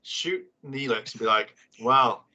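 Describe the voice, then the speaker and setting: A man's voice: medium pitch, a little fast, bright, forceful tone, muffled recording. A man co-hosting a casual watch-along chat, spinning a rambling, playful story. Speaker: podcast co-host.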